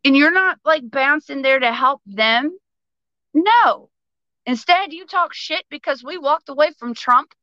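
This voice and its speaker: A woman's voice: high-pitched, lively intonation, sharp tone, dry recording, muffled recording. A woman guest on a podcast, ranting about politics with passion, full of swearing and raised intensity. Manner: passionate, profane, fast-flowing. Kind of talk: heated political rant.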